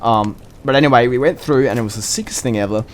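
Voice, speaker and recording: A man's voice: mid-range voice, racing, a little hiss or hum. Swearing, rambling male storyteller. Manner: animated, profane, rambling. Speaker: vlogger. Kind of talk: casual storytelling.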